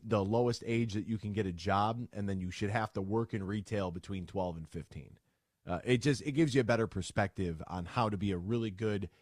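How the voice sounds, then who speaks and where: Low-voiced blunt sports radio host. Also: male voice, no room sound, clean studio sound. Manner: animated storyteller, acts out both sides of conversations; blunt and opinionated. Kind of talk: casual sports talk monologue.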